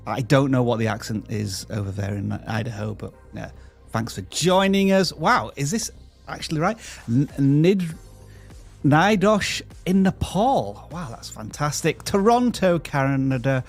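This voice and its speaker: A man hosting a livestream, chatty and joking as he greets viewers by name. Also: a little high. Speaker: livestream host. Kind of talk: upbeat livestream chat.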